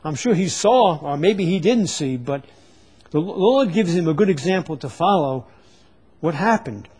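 A man's voice: a little high, lively intonation, normal speed, darkish tone, slightly rough. A man preaching a sermon to a live congregation, teaching from the Bible and often stopping to repeat words as he searches for them.

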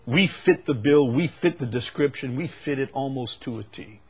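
A man preaching a sermon, dropping to quiet low asides and then rising into loud, drawn-out proclamations, repeating phrases for emphasis. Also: breathy edge. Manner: repeats phrases for emphasis and reads scripture aloud.

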